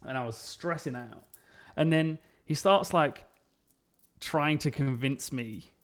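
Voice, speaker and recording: A young English man chatting casually and telling stories, animated and swearing freely, acting out the people he quotes. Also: on the high side, slow. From England. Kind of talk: casual chat, storytelling.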